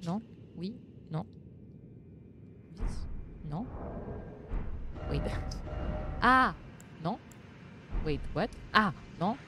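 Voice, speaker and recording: A woman's voice: mid-range voice, expressive, extremely slow, pauses often, bright, forceful tone, slight background noise. A young woman with a French accent chatting casually to viewers while streaming a video game, giggling often and reacting aloud. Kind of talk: casual live-stream chat.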